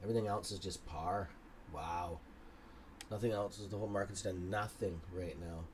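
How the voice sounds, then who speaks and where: A man's voice: sits low, normal speed, background noise. A tired, yawning man hosting a casual live stock market stream, rambling and swearing now and then. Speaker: stock trading livestream host.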